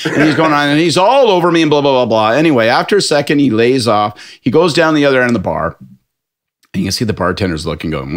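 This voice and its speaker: A man from Canada, a political commentator telling a profane, animated story on a podcast panel. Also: mid-range voice, fast. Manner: animated, profane storytelling with lots of put-on voices. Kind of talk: casual anecdote on a podcast panel.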